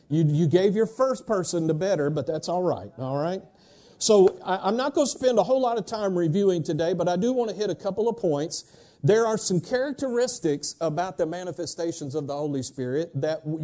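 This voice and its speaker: A pastor delivers a sermon with a mellow, warm tone set slightly high for a man. He talks in an easy conversational way and keeps calling on the congregation to answer and to turn to each other. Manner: conversational preacher, prompts congregation call-and-response.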